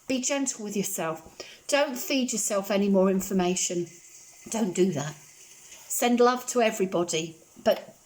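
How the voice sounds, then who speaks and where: A woman chatting casually while she cooks in her home kitchen, repeating gentle, reassuring phrases. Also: mid-range voice, normal speed, slight background noise. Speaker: home cooking vlogger. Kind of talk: casual chat while cooking.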